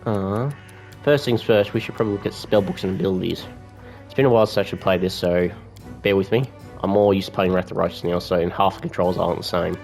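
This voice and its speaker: A man's voice: low voice, fairly even intonation, fast, gravelly, darkish tone, faint music behind. An Australian man giving casual, rambling commentary while playing a video game, chatting and swearing casually. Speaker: gamer. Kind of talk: casual let's-play commentary.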